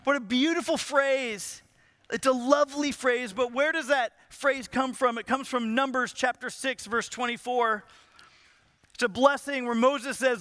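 A man from Southern California delivers a sermon in a very high, bright voice. He tells a personal story and slips into pleading, acted-out prayers. The sound is close and dry. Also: steady tone, normal speed, no echo. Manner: storytelling preacher who acts out prayers in a pleading voice. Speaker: pastor.

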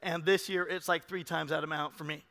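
A male pastor preaching a sermon in a church, animated, swinging between loud urging and hushed emphasis. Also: a little high, fairly quick, gravelly. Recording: long reverb of a large hall.

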